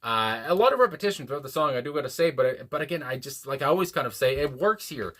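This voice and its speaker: A man's voice: mid-range voice, expressive, quick pace, a bit bright. Rambling young man reacting to music. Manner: rambling, frequent fillers and restarts, chuckles often. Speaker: music reaction channel host. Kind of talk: casual reaction commentary.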